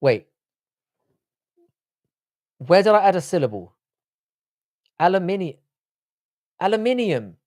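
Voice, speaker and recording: A man's voice: sits high, big pitch swings, takes it slowly, long pauses, darkish tone. A man with a London accent hosting a live stream, chatting casually and bantering with the viewers in a profane, joking way. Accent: London English. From England.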